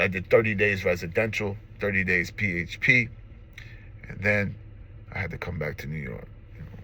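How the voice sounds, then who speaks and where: Earnest, forceful-voiced man in his forties. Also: on the low side. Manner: earnest and emphatic, repeats slogans. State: emotional, near tears. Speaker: recovery vlogger. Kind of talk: personal testimony to camera. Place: car.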